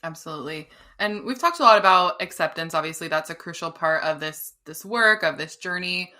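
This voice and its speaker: A woman's voice: lowish voice, animated, brisk, bright, forceful tone. A woman hosting a podcast interview, affirming her guest and asking reflective questions. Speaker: podcast host.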